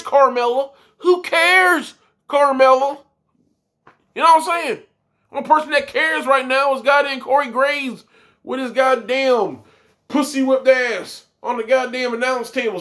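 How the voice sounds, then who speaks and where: Man, high voice, wrestling reviewer, swearing rant, exasperated. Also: a bit bright. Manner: profane, exasperated ranting. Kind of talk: ranting vlog commentary.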